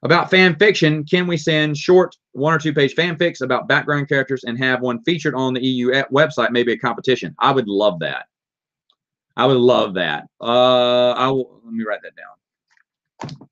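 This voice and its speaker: A man's voice: mid-range voice, steady tone, normal speed, fairly bright tone. A man with a Southern accent casually answering viewer questions on a live stream, reading out questions and rambling through his answers. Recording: dull lo-fi stream audio.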